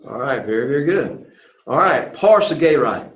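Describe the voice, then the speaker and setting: A man's voice: medium pitch, big pitch swings, normal speed. A man teaching a classroom lesson, who praises students often and keeps checking that they follow. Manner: encouraging, repeats praise. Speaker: Greek teacher. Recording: echoey room, dull lo-fi sound.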